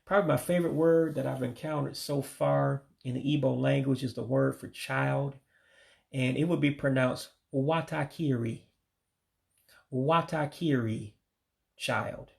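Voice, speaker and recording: A gravelly man with a steady, mid-range voice walks through vocabulary in an informal lesson. He's a language learner teaching words, pronouncing each one slowly and carefully and frequently correcting himself.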